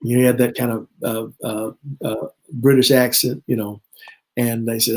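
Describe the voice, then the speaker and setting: An earnest man in his fifties recounts his own testimony as a guest bishop. His pitch sits right in the ordinary middle for a man, and he slips into remembered dialogue as he tells it. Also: moderate pace, mellow, rough recording. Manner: earnest storyteller who acts out remembered dialogue. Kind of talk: personal testimony in conversation.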